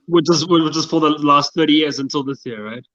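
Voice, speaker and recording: A man as guest co-host on a video call, bantering with lively laughter. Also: on the high side, a little fast, lo-fi sound. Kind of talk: casual banter.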